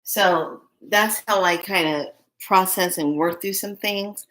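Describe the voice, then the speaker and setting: A woman's voice: on the low side, slow pace, a bit bright. A middle-aged woman vlogger telling a personal story in a casual, rambling way, often repeating words and starting over. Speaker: spiritual vlogger.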